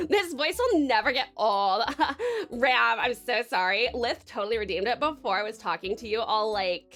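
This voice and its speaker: A woman's voice: on the high side, expressive, unhurried, fairly bright tone, faint music behind. A young Australian woman from Tasmania live-streaming, gushing, swearing and thanking her viewers. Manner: bubbly, gushing and sweary, with frequent laughs.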